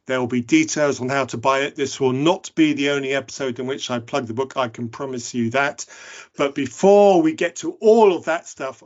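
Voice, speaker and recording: A man's voice: medium pitch, lo-fi sound. Playful male podcast host. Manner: playful, jokey, enthusiastic. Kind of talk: podcast interview.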